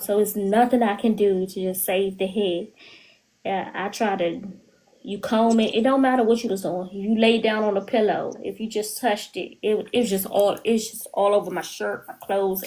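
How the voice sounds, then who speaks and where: A woman's voice: mid-range voice, steady tone, moderate pace, darkish tone, low-quality recording. Candid woman telling a hard story. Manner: candid, emotional storytelling, quotes herself often. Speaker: guest. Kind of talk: podcast interview.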